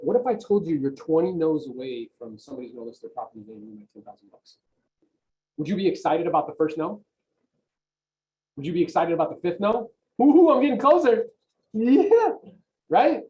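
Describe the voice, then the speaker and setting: Mellow-voiced man coaching on a call. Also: a little high, low-quality recording. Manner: emphatic and motivational, often asks "right?". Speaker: real estate coach, guest on a video call. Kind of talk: coaching talk on a group video call. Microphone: video call.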